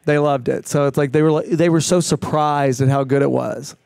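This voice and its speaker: A middle-aged man as the guest in a casual interview, talking with animated enthusiasm and many fillers and restarts. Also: fairly high pitch, brisk, creaky, dry recording, clean studio sound. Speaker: fitness trainer guest.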